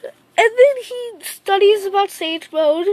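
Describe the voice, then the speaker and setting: A woman's voice: very high-pitched, slow pace, darkish tone, no room sound. A woman casually retelling a fan-made story, rambling and repeating herself, with lots of "like". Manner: rambling, repetitive, says "like" often.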